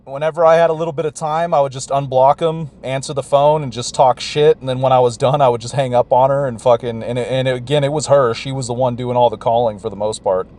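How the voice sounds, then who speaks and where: A man's voice: medium pitch, fairly even intonation, fast talker, few pauses, darkish tone. A man vlogger telling a story in a profane, rambling rant. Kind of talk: ranting recount.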